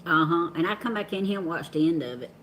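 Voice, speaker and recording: Lively woman chatting folksy. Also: lowish voice, quick pace, slight background noise. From Georgia, US. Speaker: co-host of a live chat stream. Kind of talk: casual chat reading viewer comments.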